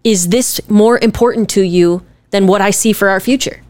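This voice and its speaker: Woman, podcast co-host, earnest and emphatic, dry close sound, mid pitch. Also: moderate pace, a little mellow, no echo. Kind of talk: casual podcast chat.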